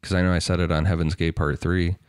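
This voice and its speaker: A man's voice: deep voice, flat delivery, quick pace, a little mellow, clear, resonant tone, no echo, studio quality. A man co-hosting a podcast, easygoing and chuckling as he talks in casual banter. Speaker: podcast co-host.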